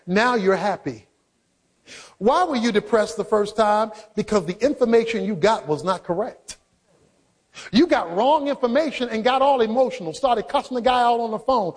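A man preaching a sermon, emphatic and rising into shouts for emphasis. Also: high-pitched, lively intonation, normal speed. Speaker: pastor.

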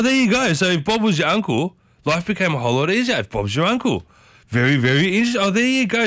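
An Australian man hosting a morning radio show, chatting casually and rambling, with big upward swings in pitch, on a studio microphone. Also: fairly bright tone, dry recording. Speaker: radio host.

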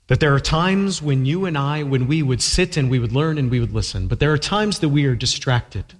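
A man's voice: mid-range voice, brisk. A man preaching a sermon as pastor, emphatic and fond of rhetorical questions, with a long echo from a large hall.

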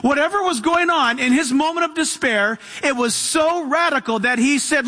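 Male preacher with a very high voice, emphatic sermon delivery and a long hall echo. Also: normal speed, pushed and bright. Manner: emphatic, with rhetorical questions and calls to the congregation.

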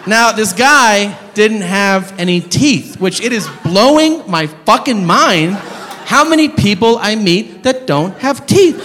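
Guy doing stand-up, kinda high voice, swears a lot, echoey club with crowd laughing. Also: expressive, slow pace. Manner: profane storytelling, acting out shouted characters. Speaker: stand-up comedian. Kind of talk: stand-up comedy set. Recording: live club, long reverb and room noise. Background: audience laughter.

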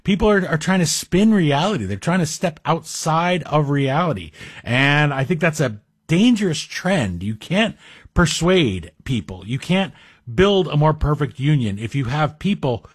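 A man's voice: on the high side, big pitch swings, unhurried, husky, dry recording, clean studio sound. A man guest hosting a talk radio show, chatting in a wry, self-deprecating way. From Greek heritage. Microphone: studio microphone.

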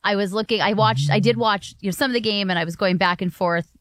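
Brief: female radio co-host, lively and chatty, dry studio mic. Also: mid-range voice, fast, no echo. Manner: lively, enthusiastic, self-deprecating. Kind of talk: casual talk radio chat.

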